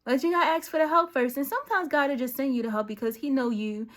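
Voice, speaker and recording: Talking to camera like a friend with a message, a woman offers casual, slangy encouragement to her viewers. Her voice is high, quick and fairly bright, and her manner is conversational, direct and preachy.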